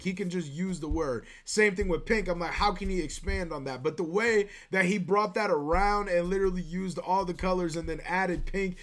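Hyped high-voiced man reacting. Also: fairly bright tone. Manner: hyped, rambling, heavy on "like" and "bruh". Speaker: reaction video host. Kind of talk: excited reaction commentary.

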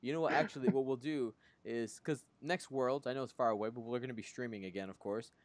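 A man's voice: mid-range voice, fast, no room sound. Jokey man in casual podcast chat. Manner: jokey, laughs often. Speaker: podcast co-host.

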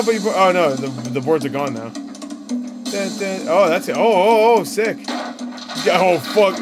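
A man hosting a casual reaction video, talking excitably, swearing and laughing at what he sees. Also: sits high. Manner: excitable, swears often, laughs and yelps at jump scares.

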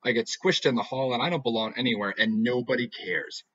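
A man's voice: medium pitch, brisk, a bit bright, no echo, close to an everyday voice. A man voicing an upset, dramatic teenage girl who complains emphatically. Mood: indignant. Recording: dull lo-fi recording.

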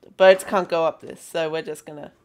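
A young woman chatting excitedly through a gameplay session, calling out playful greetings to characters in the game. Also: low voice, a little fast, a little hiss or hum. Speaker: gaming video host. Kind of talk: casual gameplay commentary.

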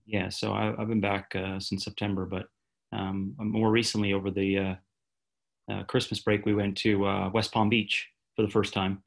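A man talking as a podcast guest in a relaxed, halting way with many fillers. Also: on the low side, vocal fry. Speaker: podcast guest, gym founder. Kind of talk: casual conversation.

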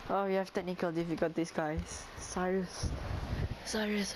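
Excitable Singaporean gamer guy. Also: sits high, normal speed, noisy background. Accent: Singaporean English. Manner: excitable, pleading and whiny with teammates, breaks into laughs. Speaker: gamer streamer. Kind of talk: live gameplay commentary.

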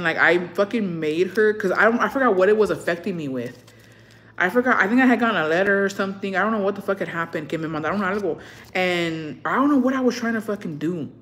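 A young woman in casual chat, telling stories with plenty of swearing and slipping between English and Spanish, acting out what people said. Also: mid-range voice. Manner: profane storytelling, slips between English and Spanish; animated, acts out what people said.

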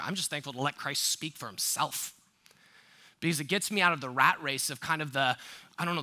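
A man's voice: on the high side, bright, forceful tone. A man preaching a sermon as a pastor, emphatic and conversational, asking the congregation rhetorical questions. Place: church sanctuary.

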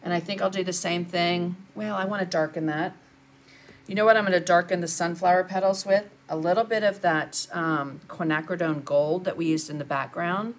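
A woman's voice: lowish voice, fairly even intonation, normal speed. Chatty older woman teaching painting. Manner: chatty, answers viewer comments while painting. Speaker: art instructor. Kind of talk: live painting tutorial.

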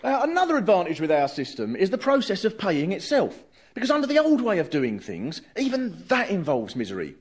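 A male comedian lays out his argument in quick, sardonic stand-up patter. His voice sits high and moves a lot. A noticeable hiss runs under the radio recording. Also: wildly swooping pitch. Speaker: comedian host.

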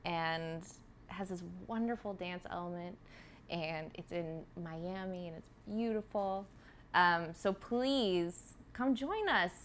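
A woman's voice: lowish voice, slow, a little hiss or hum. A woman, a stage-trained actress, chatting in an interview in a bubbly, enthusiastic way. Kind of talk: casual interview chat.

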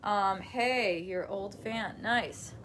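A woman's voice: medium pitch, extremely slow, fairly bright tone, slight background noise. A chatty woman live streaming from her home as she folds laundry. She rambles loosely from one thought to the next and laughs often. Now and then she breaks off to talk to her dog. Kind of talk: casual live-stream chat. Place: at home while folding laundry.

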